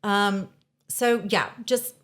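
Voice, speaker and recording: A woman's voice: medium pitch, extremely slow. A woman from the United States co-hosting a podcast in casual chat, bubbly and laughing often. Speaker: podcast co-host.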